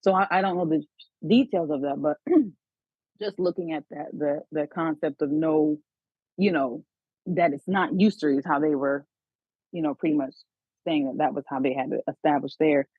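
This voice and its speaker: A woman calls in and thinks aloud, rambling with lots of fillers. Her voice is breathy and dry, heard over a tinny phone line. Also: sits low, moderate pace, dry recording. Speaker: caller. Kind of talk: casual phone call.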